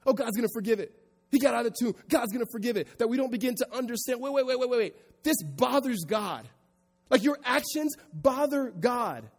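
A man's voice: extremely high pitch, expressive, fairly quick. Man preaching in an echoing hall. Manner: builds from quiet reflection to raised, emphatic preaching. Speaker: pastor. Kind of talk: sermon. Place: church sanctuary before a congregation.

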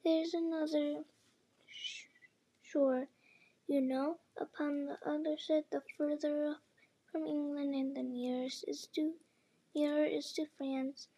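A woman voicing the sorrowful male Mock Turtle in a storybook reading, slow and mournful. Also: high voice, steady tone, warm tone. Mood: sad singing.

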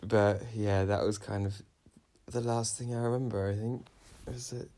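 A man's voice: on the low side, flat delivery, moderate pace, warm tone. A young man co-hosting a podcast, rambling through a dream story with lots of "um"s. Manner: rambling storytelling with many "um"s and "I was like". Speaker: podcast co-host. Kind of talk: casual chat, recounting a dream.

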